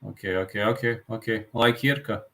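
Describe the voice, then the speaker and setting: A man's voice: lowish voice, a little fast, a bit bright. A man hosting a live stream, commenting casually in a rambling way that repeats itself, with non-native phrasing. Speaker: streamer host.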